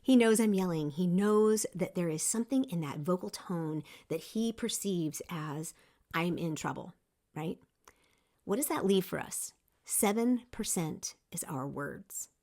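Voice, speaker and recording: Middle-aged female host, slightly low voice, animated motivational delivery with restarts. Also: unhurried. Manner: lively, emphatic, with frequent restarts. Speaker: podcast host. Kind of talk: motivational leadership talk. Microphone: seen on video, single speaker.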